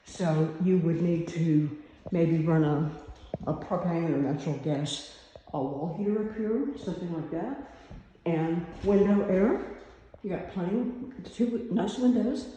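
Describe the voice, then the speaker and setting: A woman's voice: on the low side, unhurried, dark tone, a little hiss or hum. A woman giving a casual walkthrough of an empty house, chatty and unsure, thinking aloud with many fillers. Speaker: real estate agent giving a property tour. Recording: echoey empty rooms.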